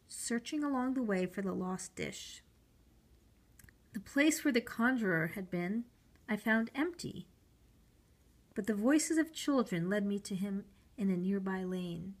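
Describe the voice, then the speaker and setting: A woman reading a short story aloud, slowly and deliberately, giving the characters' lines their own voices. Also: mid-range voice. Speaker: reader.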